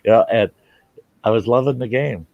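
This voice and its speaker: A man's voice: medium pitch, moderate pace, vocal fry, no echo, highs cut off. An older American man hosting a casual chat, telling a rambling personal story frankly, with swearing and acted-out quotes. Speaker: host.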